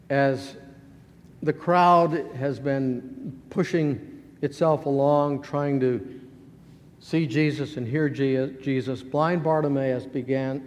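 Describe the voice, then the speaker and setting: A man pastor preaching a sermon with earnest emphasis and pauses, then leading a prayer. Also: medium pitch, a little mellow. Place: church sanctuary. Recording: long hall reverb, faint noise.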